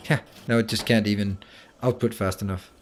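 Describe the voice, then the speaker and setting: A man's voice: fairly low pitch, steady tone, brisk, slight background noise. A game streamer talking to himself while he plays, muttering and breaking into exasperated outbursts, with a Danish accent. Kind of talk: live gameplay commentary.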